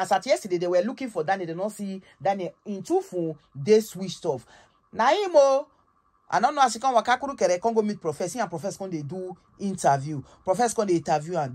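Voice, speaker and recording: A woman with a Nigerian accent hosting a gossip channel, retelling a story in a dramatic, animated way with frequent exclamations. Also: medium pitch. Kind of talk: casual storytelling gist in Pidgin.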